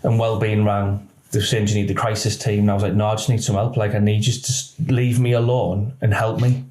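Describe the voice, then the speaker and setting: A man, a retired police officer telling a personal story in halting speech that often quotes others. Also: fairly low pitch, level tone, darkish tone. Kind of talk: emotional personal account. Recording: roomy echo.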